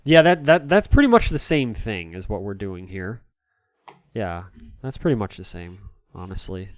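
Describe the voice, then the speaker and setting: A man's voice: on the low side, big pitch swings, moderate pace. A man chatting casually to his live-stream viewers while cleaning a console, rambling and self-deprecating, laughing often.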